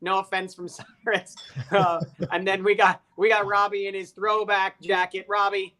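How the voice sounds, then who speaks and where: A man hosting a live online chat, talking with lots of energy, cracking jokes and pressing his points hard. His voice is bright and forward. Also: high-pitched, normal speed. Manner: energetic, joking, emphatic. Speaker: host. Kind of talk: casual live video chat.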